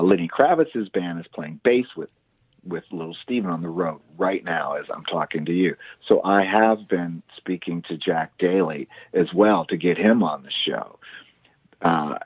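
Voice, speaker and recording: A man with a very deep, husky voice tells stories in a casual interview, eager and animated. He acts out the lines of the people he talks about. The sound is thin and tinny, as if over a phone line. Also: no echo. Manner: enthusiastic, animated storyteller acting out quotes. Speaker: musician guest, show host.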